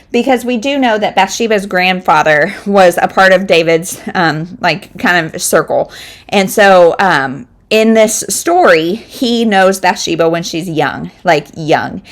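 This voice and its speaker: A woman in her thirties, a book vlogger, chatting casually and rambling with lots of fillers. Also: mid-range voice. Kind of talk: casual chat.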